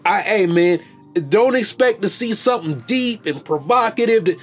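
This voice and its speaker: Guy with rambling about movies, high voice, laid back and jokey, some music under. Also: lively intonation, normal speed, breathy edge. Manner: loose, joking, slangy, many restarts. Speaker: podcast host. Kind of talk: casual movie commentary.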